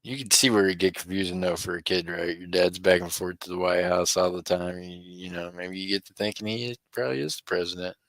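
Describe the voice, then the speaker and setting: Folksy low-voiced man hosting an auction. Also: steady tone, fairly quick, few pauses, fairly bright tone, dry recording. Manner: folksy, chatty, chuckles often. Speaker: online auction host. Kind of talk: live-stream auction chat.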